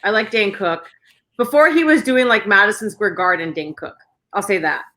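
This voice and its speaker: A woman co-hosting a podcast in casual chat, excitable and swearing freely, often laughing as she talks. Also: medium pitch, normal speed. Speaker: podcast co-host.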